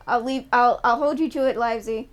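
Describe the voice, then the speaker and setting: A young woman streaming, chatting casually with her viewers, ranting loudly and swearing a lot. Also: fairly high pitch, moderate pace. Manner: swears a lot, ranty and animated. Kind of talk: casual chat with live chat.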